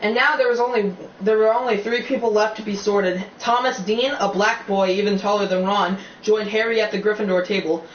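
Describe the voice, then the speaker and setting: With a mid-range voice and fairly even intonation, an amateur reader moves briskly through a novel with hardly any pauses. Now and then they stumble and restart or make casual asides, all in a dull, roomy, distant recording with faint hiss.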